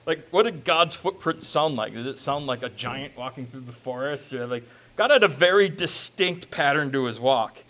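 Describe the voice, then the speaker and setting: A man preaching a sermon in a conversational, joking way, slipping into quick quoted asides. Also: medium pitch, expressive, pushed and bright. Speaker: pastor.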